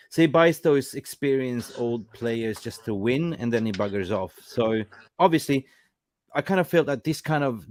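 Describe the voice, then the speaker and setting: A man hosting a football fan panel show, chatty and opinionated, full of "you know". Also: medium pitch. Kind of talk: casual panel chat.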